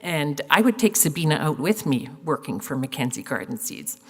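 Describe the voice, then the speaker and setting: A woman's voice: deep voice, very animated, normal speed, slightly rough. An older woman giving a funeral eulogy, telling stories with fillers and laughs, tearful at times. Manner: warm storytelling with fillers and laughs. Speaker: eulogy speaker. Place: funeral hall. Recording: echoey hall.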